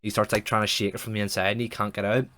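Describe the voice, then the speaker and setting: Low-voiced man telling a rambling story. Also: level tone, racing, a bit bright. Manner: rambling, profane, many restarts. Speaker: streamer. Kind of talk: improvised comic storytelling.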